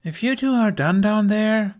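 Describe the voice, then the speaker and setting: A man's voice: mid-range voice, big pitch swings, normal speed, voice pushed up, natural voice. A man reading an audiobook, voicing a blunt, dry young woman warrior. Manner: dry, unamused.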